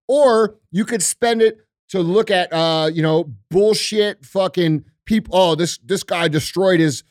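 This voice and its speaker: Brief: middle-aged male podcast host, high voice, blunt swearing rants, dry close sound. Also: a little mellow, no room sound. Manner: profane, blunt, emphatic ranting. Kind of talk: casual podcast chat.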